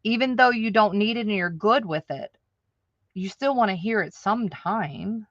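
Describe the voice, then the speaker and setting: A woman's voice: mid-range voice, normal speed, fairly bright tone, dry recording, highs cut off. A woman hosting a live stream who chats straight to her viewers, laughing often. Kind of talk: casual livestream chat. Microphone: audio-only livestream.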